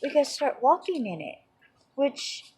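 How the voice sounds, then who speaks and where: A woman's voice: high-pitched, big pitch swings, unhurried, darkish tone, rough recording. A woman teaching an informal Bible lesson in a rambling, conversational way, full of "you know" and "um".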